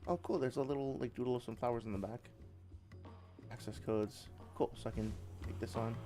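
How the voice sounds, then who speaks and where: A man's voice: medium pitch, fairly even intonation, brisk. A man playing a game while chatting, rambling and swearing freely, with faint game music behind him. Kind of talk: casual let's-play commentary.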